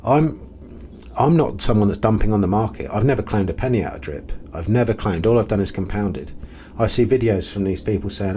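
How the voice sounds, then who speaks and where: A man's voice: fairly low pitch, animated, fairly quick, warm tone, slight background noise. A man hosting a casual commentary video, talking in a blunt, exasperated way with frequent ums and restarts. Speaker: crypto video host.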